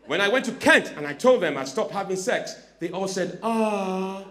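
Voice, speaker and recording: A man performing stand-up comedy on a club stage, teasing the audience and swinging between hushed asides and sudden shouts into a handheld mic. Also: high-pitched, animated, a little fast.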